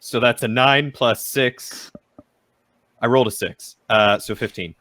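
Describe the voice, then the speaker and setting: A man's voice: medium pitch, steady tone, measured pace, sharp tone, no room sound, clean studio sound. A man playing a tabletop game, stammering deferentially in character. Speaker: player.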